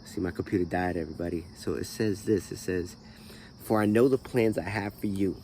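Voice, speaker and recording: Man, low mellow voice, rambling vlog talk, lots of fillers, groggy morning voice. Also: brisk, slight background noise. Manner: rambling, full of "you know" fillers. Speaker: channel host.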